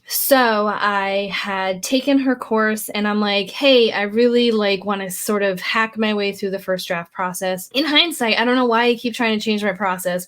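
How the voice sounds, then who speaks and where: A woman's voice: medium pitch, fairly bright tone. A woman author talking in a casual vlog, candid and reflective about her own work. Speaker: author and vlogger.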